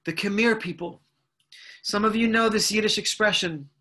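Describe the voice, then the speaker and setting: A man from Brooklyn giving an inspirational speech over a video call, in deliberate, repetitive, rhythmic phrases. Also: high-pitched, bright, forceful tone. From United States (Brooklyn, New York). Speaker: inspirational speaker.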